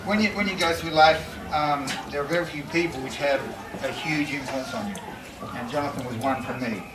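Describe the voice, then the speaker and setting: A man's voice: mid-range voice, a little fast. Middle-aged man in an echoey room. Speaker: speaker at a memorial. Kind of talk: memorial speech. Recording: echoey room, distant mic, background noise.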